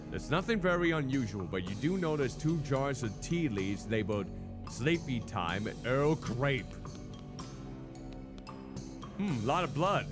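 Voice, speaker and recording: Male streamer narrating game text, unhurried and expressive, soft music behind. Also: mid-range voice. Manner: theatrical narration, joking asides. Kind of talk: reading game text aloud and commenting on a stream.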